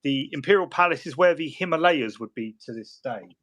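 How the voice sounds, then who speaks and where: A chatty man with a slightly raised pitch, rambling through casual banter. He jokes, doubles back and restarts his sentences as he talks while painting models. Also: expressive, fairly quick, fairly bright tone. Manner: rambling, jokey, many restarts and asides. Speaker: hobby stream host.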